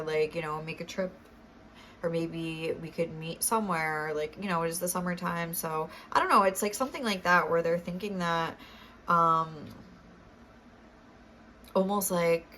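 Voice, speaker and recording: A woman's voice: on the low side, steady tone, normal speed, fairly bright tone, slight background noise. A young woman giving a casual tarot reading, chatty and full of fillers, often laughing as she talks. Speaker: tarot reader.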